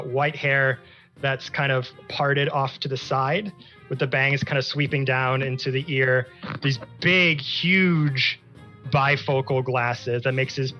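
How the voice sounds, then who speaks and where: A man narrating as game master of a tabletop game, describing scenes loosely with many fillers. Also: medium pitch. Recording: dull lo-fi stream audio with faint music.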